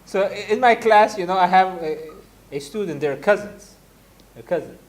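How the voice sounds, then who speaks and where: Animated man telling classroom stories. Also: sits high, normal speed. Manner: anecdotal, animated, laughing asides. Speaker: religious teacher. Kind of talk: casual classroom lecture.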